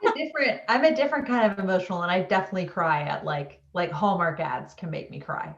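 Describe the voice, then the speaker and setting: A woman's voice: fairly low pitch, fast talker, vocal fry, roomy sound, far from the mic, lo-fi sound. A woman co-hosting a casual book chat over a video call, telling stories in a chatty way with lots of "like"s. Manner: chatty storyteller, many "like"s. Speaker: book club co-host.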